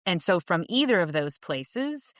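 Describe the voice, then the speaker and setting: A woman's voice: fairly low pitch, sing-song, measured pace, no echo, studio quality. Earnest, reflective woman on a podcast. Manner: earnest and reflective, many restarts, laughs easily. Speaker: podcast guest, author and coach. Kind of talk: casual interview conversation.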